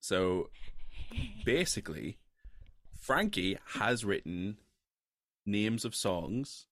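Slow, low-voiced male podcast host. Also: lively intonation, fairly bright tone, no room sound. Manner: measured, explains a game step by step. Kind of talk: casual chat.

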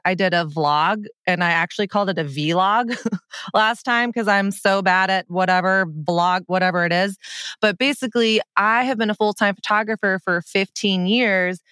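A woman's voice: on the low side, a bit bright, clear, resonant tone, no echo. A woman in her thirties hosting a podcast, reading her intro and promos in an upbeat, chatty way with casual slang, recorded in a studio. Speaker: podcast host. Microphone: studio microphone.

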